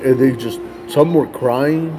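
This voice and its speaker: A Christian storyteller shares a personal faith testimony in a casual way, often ending phrases with "man." His voice is medium-pitched and slow, with music playing in the background.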